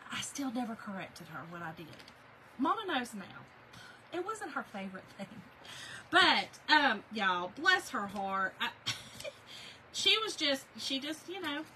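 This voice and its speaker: Lady crafting live, high bright voice, chatty and laughy. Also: slight background noise, low-quality recording. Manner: chatty, laughs often, greets viewers by name. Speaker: crafting livestream host. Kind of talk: chatty livestream storytelling.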